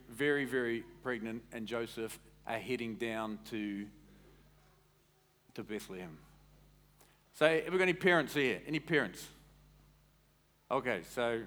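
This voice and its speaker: A pastor with a medium-pitched voice preaches a sermon in an animated, conversational style, quizzing the congregation as he goes.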